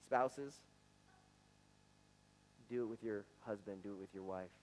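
A man's voice: lowish voice, unhurried, a little mellow, slight background noise, low-quality recording. Earnest man preaching a sermon. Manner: conversational, earnest, with some stammered restarts. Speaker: pastor. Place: church sanctuary.

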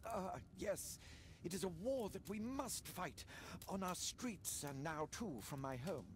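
A wealthy lord in a game, unwell and evasive. His voice sits a bit high and varied. Faint ambience hangs behind. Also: expressive, unhurried, noisy background. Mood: defensive. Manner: genteel, defensive. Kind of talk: video game voice acting.

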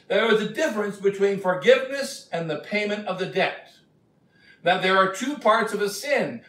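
A man preaching a sermon as a bishop, retelling scripture in a slow, emphatic storytelling way. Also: high voice. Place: church. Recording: echoey church from a distant mic.

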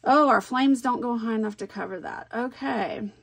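A middle-aged woman chats casually in a crafting vlog, thinking aloud while she works on a scrapbook layout. Her voice is fairly high and creaky, at a normal speed.

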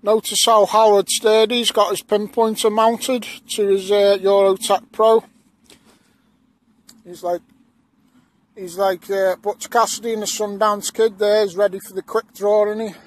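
A man's voice: high voice, level tone, a little slow. A man vlogging a metal detecting trip outdoors, joking and bantering with his mates. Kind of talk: casual outdoor vlog chat. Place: outdoors in fields.

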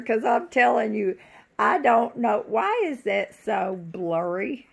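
A woman's voice: a little high, animated, slow pace, vocal fry, slightly rough. A woman, chatting casually in a giggly, folksy way while filming a home vlog indoors. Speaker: vlogger.

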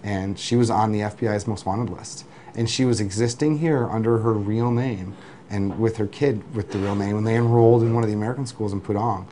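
A man who runs a delivery business, telling lively work anecdotes in an interview, with restarts and acted-out quotes. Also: on the low side, a little fast, slight background noise. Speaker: food delivery business owner. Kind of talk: interview storytelling.

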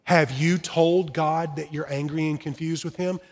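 Middle-aged pastor, man, high-pitched, earnest and personal, preaching in a reverberant sanctuary. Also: steady tone, moderate pace. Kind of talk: sermon. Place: church sanctuary.

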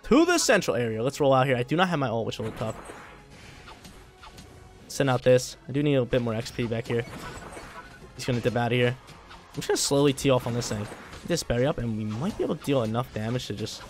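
A young man, a college student, giving live gameplay commentary in a slangy, excitable way that bursts into loud hype. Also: mid-range voice, a little fast, pauses often, soft background music. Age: young adult. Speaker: gaming video creator.

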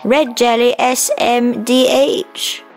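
A man voicing an old woman in a future rest home who speaks internet slang in a creaky, quavering voice. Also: extremely high pitch, flat delivery, slow, soft background music, voice pushed up, full character voice. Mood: fussy.

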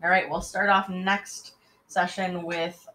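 A woman reading a children's chapter book aloud in a lively, expressive way. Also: lowish voice, slow pace, slight background noise, rough recording. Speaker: reader.

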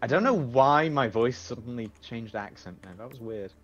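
A man's voice: medium pitch, lively intonation, normal speed, muffled recording, soft background music. A man playing a co-op game with friends, thinking aloud in casual chat. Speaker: co-op player.

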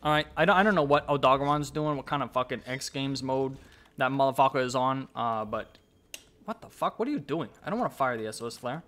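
Bright-voiced swearing young man gaming. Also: mid-range voice, animated, fast. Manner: swearing, talks to the monster, bursts into yells. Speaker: gameplay commentator. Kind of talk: casual let's-play commentary.

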